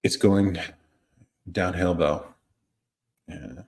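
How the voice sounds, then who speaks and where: A man's voice: deep voice, very slow, a little mellow, breathy edge. A man hosting a live stream, chatting casually with viewers, reading their comments and chuckling often. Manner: laid-back, chuckles often, trails off. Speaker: livestream host.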